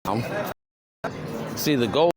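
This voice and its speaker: A man's voice: mid-range voice, lively intonation, slow, very noisy. A man telling a rambling story on his vlog, laughing and mimicking others. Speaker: vlogger. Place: store, walking around.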